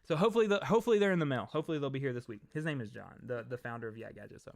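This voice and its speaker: A man's voice: medium pitch, rapid-fire, gravelly, darkish tone, no room sound, studio quality. A young man hosting a casual livestream, chatting and rambling to his viewers. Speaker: host.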